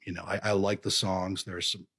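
A man co-hosting a casual chat, playful and quick to slip into silly impressions. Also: sits low, flat delivery, pushed and bright, slightly rough. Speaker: podcast co-host.

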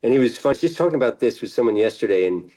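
A middle-aged man, an actor guest in a casual interview, relaxed and laughing often, sometimes trailing off mid-sentence. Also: mid-range voice, rapid-fire, poor audio.

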